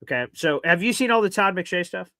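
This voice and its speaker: Male sports show host, swears, gets worked up, bright tone. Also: sits high, animated, brisk, no echo. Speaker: podcast host. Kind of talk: casual sports talk.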